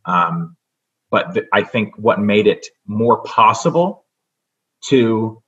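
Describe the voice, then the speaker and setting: Radio interview guest, male, very low voice, earnest and measured, many fillers; dull lo-fi recording. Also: lively intonation, a bit bright. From United States. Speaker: state senate candidate guest. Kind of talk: radio talk show interview.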